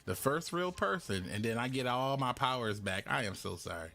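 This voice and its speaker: A man streaming a card game live, loud and playful, laughing and breaking into sudden high shouts and mock-preachy lines. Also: lively intonation, moderate pace, creaky, soft background music. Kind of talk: live gameplay commentary.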